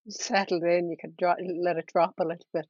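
A woman hosting a podcast who interviews her guest with brief, gently probing questions. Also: fairly low pitch, flat delivery, quick pace. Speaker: podcast host. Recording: dull, lo-fi sound.

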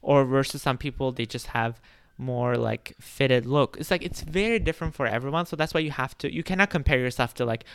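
A man's voice: medium pitch, a little fast, vocal fry, fairly bright tone, clean tone. A young man hosting his own podcast in a casual, rambling way, with many fillers and restarts and small laughs between phrases. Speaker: podcast host. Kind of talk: casual solo podcast talk.

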